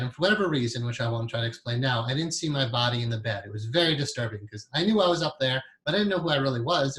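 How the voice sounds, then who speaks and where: A man's voice: mid-range voice, a bit bright. A man giving a casual, rambling lecture on hypnotherapy to a class, chatty and full of fillers and self-corrections. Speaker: hypnotherapy teacher.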